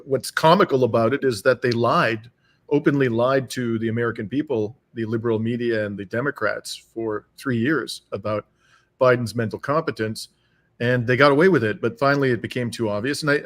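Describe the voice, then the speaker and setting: A man's voice: medium pitch, a little fast, a bit bright. A man speaking as a guest commentator over a video call, emphatic and given to repeating phrases for force. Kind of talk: remote interview. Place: home in Canada.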